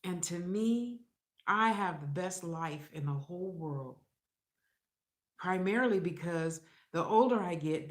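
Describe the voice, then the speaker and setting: Blunt, profane woman vlogger, echoey room. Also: on the low side. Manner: blunt, profane, rambling and animated. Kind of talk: casual vlog monologue.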